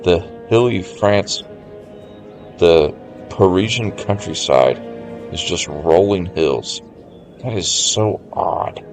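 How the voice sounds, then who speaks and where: A man with a low, deep voice gives relaxed stream commentary over a strategy game. He thinks aloud and muses to his chat as he plans his moves. Quiet game music plays faintly underneath. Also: takes it slowly, long pauses. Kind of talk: casual gameplay commentary.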